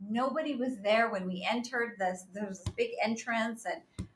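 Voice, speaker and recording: A woman's voice: a little high, moderate pace, slight background noise. A woman casually chatting on a podcast, adding short remarks to a shared story. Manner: chimes in with short replies and laughs. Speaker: guest and host's companion. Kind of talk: casual chat.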